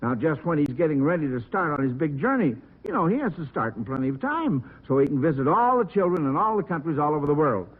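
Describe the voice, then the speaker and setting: A man's voice: a little high, sing-song, fast talker, few pauses. A man hosting a 1940s radio quiz show for children, folksy and enthusiastic, heard over a tinny old broadcast. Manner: folksy and enthusiastic, many exclamations.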